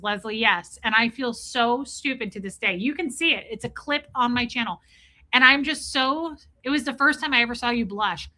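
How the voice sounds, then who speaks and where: Woman, livestream host, bright crisp voice, a bit high, lively self-mocking storytelling. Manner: animated storytelling, self-mocking, greets chatters by name. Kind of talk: casual livestream chat reading viewer comments.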